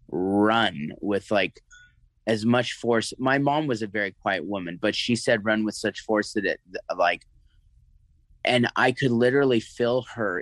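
A man recounting a personal story as an interview guest, halting and emotional, with many restarts and fillers. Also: fairly low pitch, dry recording, low-quality recording.

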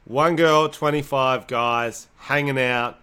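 A man's voice: mid-range voice, steady tone, slow pace, sharp tone, smooth. A young adult man with an Australian accent, co-hosting a casual podcast with crude, rambling, joking banter. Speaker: podcast co-host.

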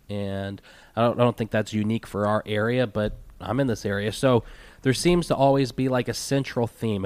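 A man with a medium-pitched voice hosts a casual solo podcast intro, recorded with no echo. Congested and nasal from a cold, he rambles and drops self-deprecating asides.

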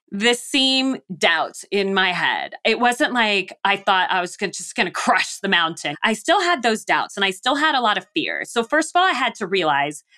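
A middle-aged woman from the United States speaks as an interview guest, with a bright, forward tone. She tells her story vividly and slips into the voices of her own thoughts and of the people she quotes. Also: medium pitch. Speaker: guest, mountaineer.

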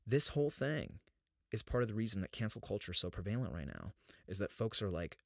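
Very animated and brisk, a man in his 30s with a lowish voice hosts a spiritual podcast about inner life, speaking earnestly and often restarting sentences. The clean studio audio has no room sound.

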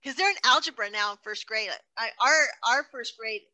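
A woman's voice: on the high side, fairly quick, pushed and bright, rough recording. A middle-aged woman hosting a casual interview, chatty and laughing easily. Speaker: host.

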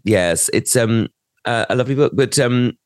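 A man's voice: mid-range voice, normal speed, clean tone, dry recording, clean studio sound. A man, co-hosting a podcast and telling a story in casual chat. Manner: animated storyteller, acts out quoted voices. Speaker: podcast co-host.

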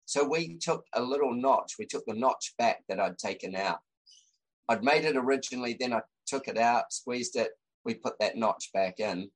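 A man's voice: mid-range voice, moderate pace, rough recording. An Australian man, a designer and podcast guest, telling a story in casual chat with lots of fillers and restarts.

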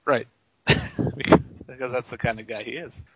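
A man's voice: mid-range voice, fairly even intonation, normal speed, muffled recording, noisy background. A man co-hosting a casual movie podcast, throwing in dry wisecracks and asides. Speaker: podcast co-host.

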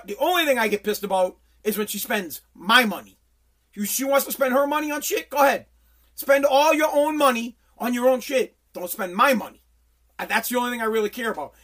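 A man's voice: sits high, pushed and bright. A man hosting a solo podcast, ranting in an angry, profane way with lots of stumbling restarts. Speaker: podcast host.

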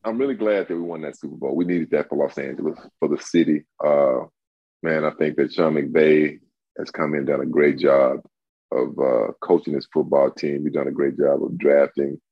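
A man in his sixties, a guest on an interview show, telling stories in a lively way and acting out what others said. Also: normal speed, gravelly, breathy edge, no room sound, muffled recording. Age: 60s. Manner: animated storyteller, acts out quotes in a high voice. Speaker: guest, retired football player. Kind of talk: casual interview.

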